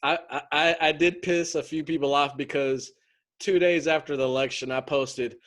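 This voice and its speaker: A man with a slightly higher voice chatting casually on a podcast. He laughs often and stumbles over the first words of his sentences. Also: fairly even intonation, a bit bright. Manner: laughs often, halting restarts. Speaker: podcast co-host. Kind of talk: casual chat.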